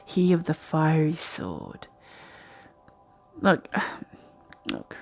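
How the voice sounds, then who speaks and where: Woman, tarot reader, gravelly fry, mid pitch, rambling, chatty, intuitive, at home at night, faint background music. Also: big pitch swings, extremely slow, pauses often, darkish tone. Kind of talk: casual tarot reading.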